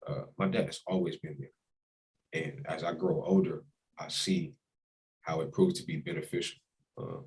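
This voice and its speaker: Deep-voiced young man, heartfelt and reflective. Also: unhurried, vocal fry, long pauses, darkish tone, low-quality recording. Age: young adult. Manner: heartfelt, reflective, speaks with emotion. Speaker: college quarterback guest. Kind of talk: casual interview.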